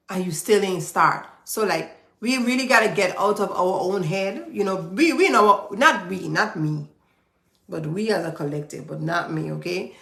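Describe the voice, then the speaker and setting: A woman's voice: medium pitch, expressive, moderate pace, creaky, fairly bright tone. A woman giving a motivational talk to camera, emphatic and repetitive, in an echoey room. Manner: emphatic, preachy, repeats phrases for stress. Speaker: business owner giving motivational advice.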